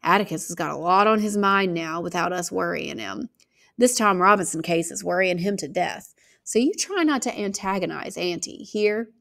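A woman voicing a serious, bossy older brother in a storybook reading, lecturing gravely. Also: on the low side, moderate pace, fairly bright tone.

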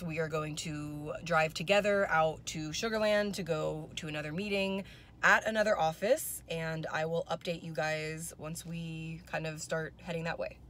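A woman's voice: on the low side, a little hiss or hum. A young woman in her twenties, congested from a cold, chatting casually to her phone camera in a car and saying "like" and "y'all" a lot. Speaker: vlogger. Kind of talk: casual vlog chat. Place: in a parked car.

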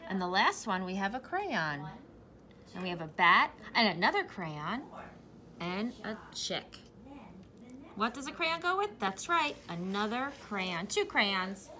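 A young woman who teaches preschool, reading a picture book aloud to young children in a slow, encouraging way. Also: medium pitch, very animated, sharp tone. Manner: slow, sing-song, encouraging.

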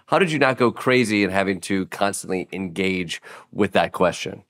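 Brief: male podcast host, lowish voice, casual and rambling interviewer. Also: moderate pace, a bit bright. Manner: rambling, searching questions with restarts.

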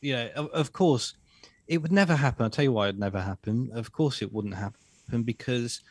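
A man's voice: medium pitch, fairly quick, a little mellow, slightly rough, no echo. A man talks as a podcast guest in a casual, mock-innocent tone. He repeats words as he works toward his point. His voice is close and dry, with no room sound. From England. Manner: sarcastic, repeats himself while building a point. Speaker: guest, author and social commentator.

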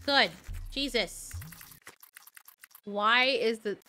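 A woman commentating live as she plays a video game, reacting loudly and swearing at the game in exasperation. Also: on the high side, very slow, soft background music. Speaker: gaming channel host.

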